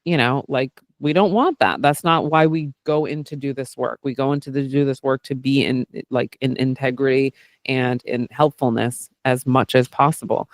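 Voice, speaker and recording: A man who hosts a podcast and works as a therapist, talking in a casual chat. He is candid and animated, swears freely and keeps saying "like" and "right?". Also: medium pitch, normal speed, no room sound, studio quality. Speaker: podcast host and therapist doing intuitive work.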